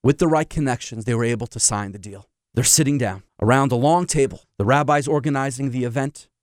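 A man's voice: mid-range voice, fairly quick, no room sound, clean studio sound. A man, a rabbi, giving a sermon full of stories and emphatic rhetorical questions. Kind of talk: sermon with storytelling.

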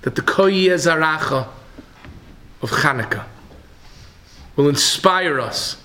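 A man giving a sermon, telling a story with dramatic swings from hushed tones to shouting. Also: a little high, lively intonation, slow.

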